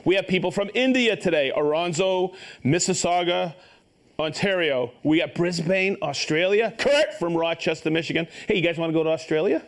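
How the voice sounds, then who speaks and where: Brief: high, animated male host, upbeat and joking, calling out viewer shout-outs live. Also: normal speed. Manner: upbeat, reads viewer names and places, jokes and stumbles on pronunciations. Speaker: host of a live tool show.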